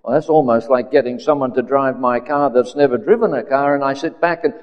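Aussie guy giving a sermon, chatty and slow with lots of uhs, muffled hall recording. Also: medium pitch. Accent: Australian. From Australia. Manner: unhurried, conversational with frequent fillers. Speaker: preacher. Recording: dull lo-fi recording with hall reverb.

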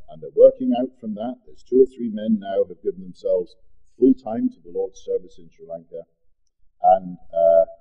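A middle-aged man from the UK, preaching a sermon and telling a story in an earnest, plain-spoken way with asides. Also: fairly low pitch. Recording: dull lo-fi recording.

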